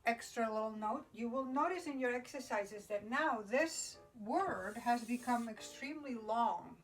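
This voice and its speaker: A woman's voice: fairly high pitch, expressive, measured pace, faint music behind. A woman teaching Spanish grammar at a whiteboard, explaining patiently in English with Spanish examples and checking in with "okay?" often. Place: classroom with a noisy whiteboard.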